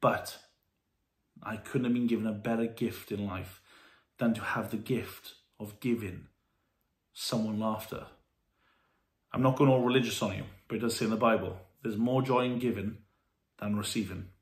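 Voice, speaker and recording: A man vlogs candidly to camera from a warm room at home, his lowish voice earnest, halting, and full of feeling. The room sounds echoey.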